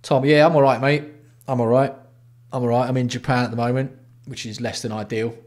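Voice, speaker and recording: An Englishman hosting a casual livestream, talking bluntly and swearing freely as he greets his viewers by name. His voice sits at an ordinary middle pitch for a man. He banters loosely with the chat between topics. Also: level tone, brisk. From England. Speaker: livestream host.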